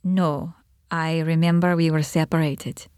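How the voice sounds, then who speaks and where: A young woman testifying as a witness in court, answering in a halting, hesitant way. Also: sits low, level tone, darkish tone, no echo, studio quality. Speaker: trial witness.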